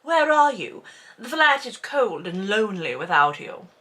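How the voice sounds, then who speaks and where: A smug, passive-aggressive young husband, quoted in a flat, mocking tone with a bright, forceful edge, as a woman reads him out. The voice sits fairly high. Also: moderate pace.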